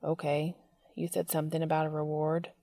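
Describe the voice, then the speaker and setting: Flustered young man, breathy and pleading, dark-toned, read by a woman. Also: low-pitched, completely flat delivery, brisk, no echo, pitched below the performer's own voice.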